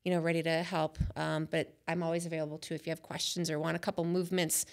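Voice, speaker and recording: A woman's voice: low voice, level tone, quick pace, vocal fry. A woman guest on a church talk show, speaking about fitness in an upbeat, chatty way and laughing often. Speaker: guest, fitness coach from church hospitality team. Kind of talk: casual chat.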